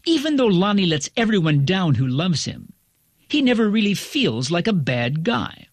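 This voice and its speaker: A male critic reading a scripted review in a wry, articulate, measured way. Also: sits high, big pitch swings, no room sound.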